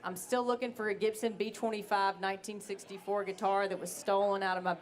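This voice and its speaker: A woman's voice: mid-range voice, flat delivery, brisk. A woman singer-songwriter, talking candidly and bluntly between songs on a live stage. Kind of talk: between-song stage talk.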